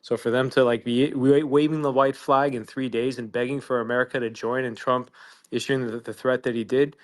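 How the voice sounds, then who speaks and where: A man on a live audio panel giving confident, analytical commentary, steady with occasional dry laughs. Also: mid-range voice, a little fast.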